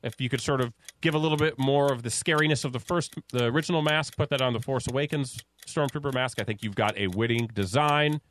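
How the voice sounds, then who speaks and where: A man's voice: medium pitch, fast, few pauses, a little hiss or hum. A man hosting a casual podcast, joking around and running the segments. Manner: animated, jokey, runs the segments. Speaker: podcast host.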